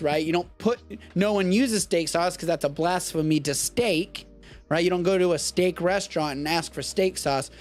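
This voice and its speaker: Animated young man riffing casually. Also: high-pitched. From Texas. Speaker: host of a live streamed show. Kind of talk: casual live-stream chat.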